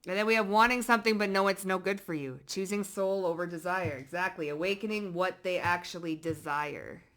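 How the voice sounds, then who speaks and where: A woman giving a casual tarot reading to her viewers, blunt and profane, swinging between loud emphatic bursts and low muttered asides. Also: a little fast. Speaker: psychic tarot reader.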